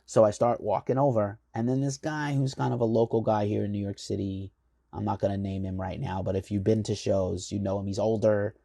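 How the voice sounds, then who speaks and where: A man from the United States tells a casual, rambling story, filling it with ums and likes. His low voice is gravelly and a bit husky. The sound is close and dry, with no room around it. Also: steady tone, moderate pace, warm tone, no echo. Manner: rambling, filler-heavy, enthusiastic. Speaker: magazine chief editor hosting the show.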